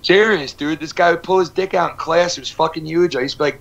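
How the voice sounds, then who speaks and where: A man's voice: fairly high pitch, fast talker, vocal fry, fairly bright tone. A man hosting a casual live show, rambling through crude stories and swearing constantly. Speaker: host. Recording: dull lo-fi stream audio.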